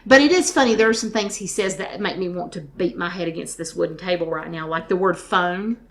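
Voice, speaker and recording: A woman's voice: lowish voice, a little fast. Give me a Southern-accented woman chatting casually as a podcast co-host. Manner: chatty, with frequent restarts. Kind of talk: casual chat.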